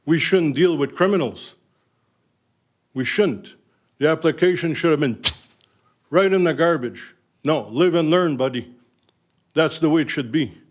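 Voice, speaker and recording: A retired man in his sixties with a Northern Ontario accent, giving an emotional, halting public comment at a council meeting. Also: fairly high pitch. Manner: emotional, halting, repeats words. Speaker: resident speaking at council meeting.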